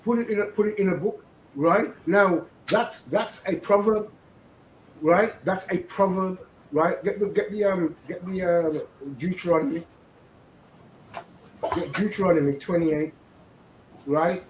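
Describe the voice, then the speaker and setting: A man with a fairly high voice hosts religious commentary, preaching and often checking with "right?". His voice rings in an echoey room. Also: unhurried, long pauses, slight background noise. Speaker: host.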